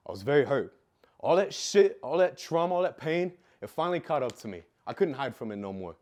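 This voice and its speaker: A man's voice: mid-range voice, darkish tone. A young adult man telling a raw personal story, emotional and full of swearing, repeating phrases for emphasis. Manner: profane, emotional, repetitive emphasis. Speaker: speaker telling his life story.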